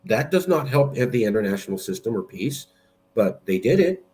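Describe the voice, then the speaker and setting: A man's voice: mid-range voice, big pitch swings, moderate pace, darkish tone, slight background noise. A man giving blunt, argumentative political commentary while sharing his screen. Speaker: political movement president.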